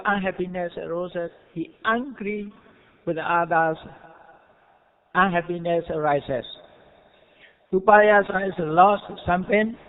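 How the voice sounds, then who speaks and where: A Buddhist monk with a Burmese accent delivers a dharma lecture in simple, broken English, frequently checking whether listeners follow and chuckling softly. His high voice sounds smooth and resonant, though the recording is narrow and tinny, like a phone line.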